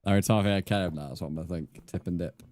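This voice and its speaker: Young male gaming streamer, lower voice, cheeky banter with viewers, noisy clicky mic. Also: rapid-fire. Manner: joking banter with chat, laughs often. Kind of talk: live-stream chat while playing.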